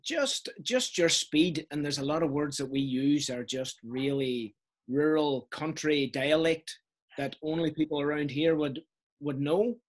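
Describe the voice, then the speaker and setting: A man with a Donegal Irish accent, a wedding photographer talking deliberately slowly and clearly as a guest on a video call interview. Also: a little high, little pitch movement. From Ireland. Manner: friendly, talks deliberately slow and clear.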